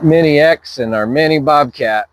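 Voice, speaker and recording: A man talking in a relaxed, unscripted way, narrating a casual vlog on a clip-on microphone. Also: a little high, no echo, poor audio. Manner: slow, relaxed, unscripted musing. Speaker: vlogger. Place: in a vehicle and outdoors with machinery. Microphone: small clip-on microphone.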